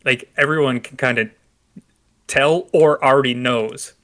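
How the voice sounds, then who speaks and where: A young man with a bright, clear-toned voice co-hosts a casual movie podcast. He talks in an easygoing, agreeable way, with plenty of fillers and restarts. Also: mid-range voice, unhurried. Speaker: podcast co-host.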